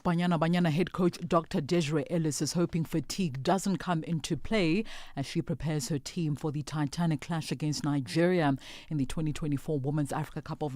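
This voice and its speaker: A man reading a scripted sports bulletin in a brisk, formal manner. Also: fairly high pitch, darkish tone, no echo. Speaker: sports news reader.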